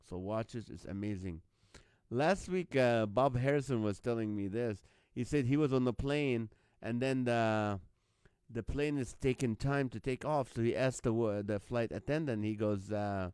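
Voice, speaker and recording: A man's voice: on the low side, unhurried, a little mellow, clean tone, dry recording. A man hosting a live online comedy show, reading out viewer jokes, greeting viewers by name and laughing often at the lines.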